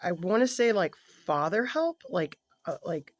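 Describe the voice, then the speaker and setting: A tarot reader giving a casual spoken reading to an unseen client, thinking aloud in a halting, self-correcting way and staying gentle and sympathetic, sometimes sinking to a soft murmur. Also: medium pitch, big pitch swings. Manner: gentle, empathetic, drops to a soft murmur at times.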